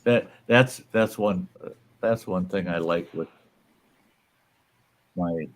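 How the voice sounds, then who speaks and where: A man from the United States hosts a relaxed chat with a somewhat low voice. He talks bluntly, swears freely and breaks into laughter between his stories. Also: slow. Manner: blunt, crude, laughs often. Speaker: host. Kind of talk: casual chat.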